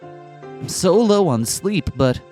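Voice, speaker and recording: A man's voice: sits high, lively intonation, slow, mellow, soft background music. A man co-hosting a let's play, chatting casually with stammering restarts and playful asides while reading a visual novel.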